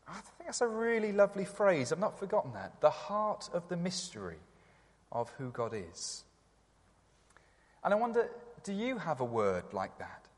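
A man preaching a sermon in church, gentle and reflective, with some hesitant fillers. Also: sits high, very animated, moderate pace. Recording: long church reverb.

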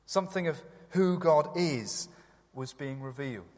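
A man preaching a sermon in church, gentle and reflective, with some hesitant fillers. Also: a little high, animated, unhurried. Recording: long church reverb.

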